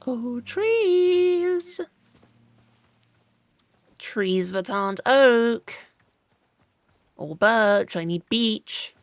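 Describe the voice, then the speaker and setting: A woman's voice: on the high side, animated, drawn-out words, pauses often, no echo, soft background music. A woman with a British accent giving chatty, self-mocking commentary while playing a game, often talking to things in it. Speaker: gaming channel host. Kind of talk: let's play commentary.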